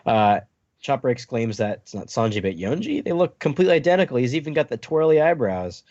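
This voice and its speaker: A man co-hosting a podcast, excitedly recapping a manga chapter and laughing as he reads. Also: medium pitch, fairly quick, no room sound, lo-fi sound. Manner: excitable, laughing while reading the story aloud. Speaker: podcast co-host.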